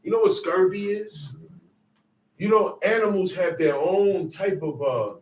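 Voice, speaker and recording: A man teaching in a preaching style, emphatic and quick to pose questions to his listeners. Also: sits high, a little mellow. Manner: emphatic, call-and-response preaching with asides. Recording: echoey room, distant mic.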